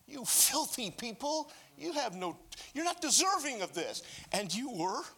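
Petulant self-righteous prophet, higher than the speaker's own voice, sneering at outsiders, as a preacher puts him on. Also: male voice, big pitch swings, unhurried, pushed and bright, husky, exaggerated voice. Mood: indignant.

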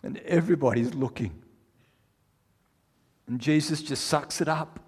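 Animated preacher in a reverberant hall. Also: male voice, fairly high pitch, unhurried, husky. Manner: animated storytelling, rises to near-shouting when retelling. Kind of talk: sermon.

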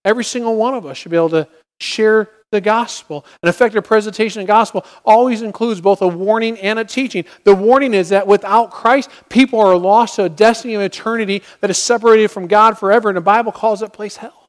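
A man's voice: sits high, fast, in a large hall. A man preaching a sermon, earnest, often acting out prayers and inner thoughts as he teaches. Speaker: pastor.

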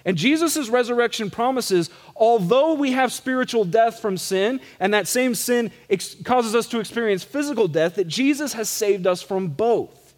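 Middle-aged male pastor, high voice, relaxed conversational sermon with a self-deprecating edge, church live stream with long reverb. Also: normal speed. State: some gray hair. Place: church sanctuary.

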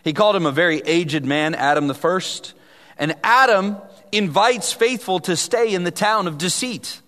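A man's voice: sits high, moderate pace. Earnest preacher man in a reverberant hall. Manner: earnest preaching, swinging from emphatic to hushed. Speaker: pastor. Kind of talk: sermon.

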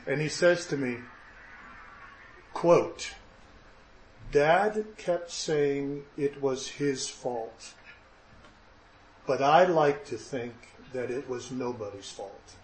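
A male pastor tells a story from the pulpit in a slightly high voice. He talks in a loose, conversational way, often restarting his sentences and making jokes at his own expense. The room gives his voice a noticeable echo. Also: a little hiss or hum. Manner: conversational storytelling, self-deprecating humor, frequent restarts. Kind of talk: sermon with a personal story.

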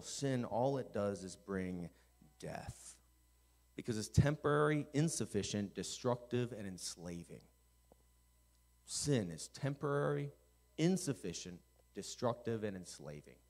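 A middle-aged male pastor preaching a sermon, swinging from quiet intensity to loud, animated storytelling. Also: medium pitch, a little slow.

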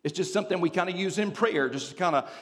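A man preaching a sermon in a church, telling stories with humor and explaining scripture in an animated way. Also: sits high, quick pace, in a large hall.

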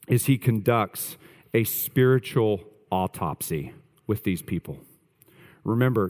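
A man's voice: fairly low pitch, darkish tone, big-room sound. A male pastor preaching a sermon earnestly, stressing points through repetition.

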